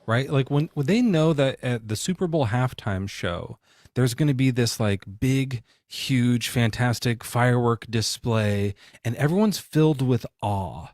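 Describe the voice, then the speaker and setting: A man hosting a casual live-streamed podcast chat, animated and talking to guests and chat. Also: mid-range voice, a little slow, dry recording, clean studio sound. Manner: animated, acts out quoted voices. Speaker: podcast host.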